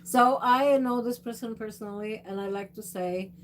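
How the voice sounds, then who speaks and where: A woman hosting a casual livestream chat, talking haltingly with many fillers and restarts in a gently instructive, motherly way. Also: on the high side, slight background noise. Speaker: host of a livestream channel.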